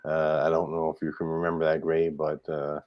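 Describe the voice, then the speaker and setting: A retired man from Newfoundland talks as a guest on a live stream in a plain-spoken, friendly way. His voice is very low, and the sound is a bit dull and dry. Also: monotone, brisk, no room sound. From Newfoundland, Canada. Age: older. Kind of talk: interview conversation.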